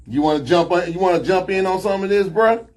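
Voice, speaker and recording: A man's voice: high-pitched, brisk, darkish tone. A man with a Chicago accent and Southern slang, hosting a casual talk show with emphatic, preachy phrasing. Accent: Chicago Black American English with Southern slang. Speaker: host.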